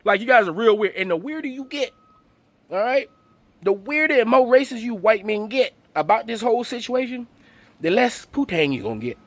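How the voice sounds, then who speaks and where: Animated, swearing man ranting to camera. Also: extremely high pitch, moderate pace, dry recording. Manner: animated, swearing, mocking, rhetorical questions. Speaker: channel host. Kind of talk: profane comedic rant to camera.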